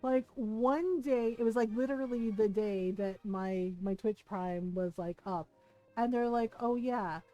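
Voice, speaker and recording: A woman's voice: mid-range voice, unhurried, dark tone, highs cut off, soft background music. A middle-aged woman streamer chatting casually while gaming, laughing often and swearing freely.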